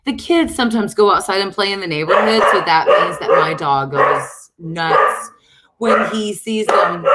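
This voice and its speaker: A woman's voice: unhurried, very noisy. Chatty American woman at home. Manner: chatty and excitable, breaking off to call her dog in a high coaxing voice. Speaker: author hosting a book release live stream. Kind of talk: casual live stream chat. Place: room at home.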